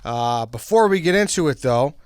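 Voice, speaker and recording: A man hosts a laid-back podcast draft with an upbeat, in-charge delivery. His voice is smooth and resonant, recorded dry and close with no room sound around it. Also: a little high, expressive, normal speed, a little mellow, dry recording. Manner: upbeat, runs the show. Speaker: podcast host. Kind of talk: casual chat and ad read.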